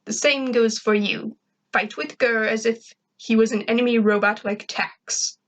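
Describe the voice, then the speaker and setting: A proud male alien invader who barks blunt orders and talks about himself in grand terms, as a woman reads him aloud. The voice sits fairly high and commands without softening anything, in a homemade story reading. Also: fairly even intonation, a little slow, slight background noise. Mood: commanding.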